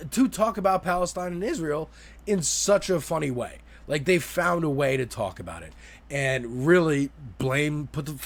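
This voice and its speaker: A man giving a loose, profane spoken review of a TV episode, laughing often. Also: fairly high pitch. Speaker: TV show reviewer.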